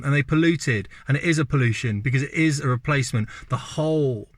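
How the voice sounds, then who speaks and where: A middle-aged Englishman, delivering an opinionated talking-head monologue with forceful repetition and rhetorical questions. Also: mid-range voice, fairly quick, dry recording, clean studio sound. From England. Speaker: video host.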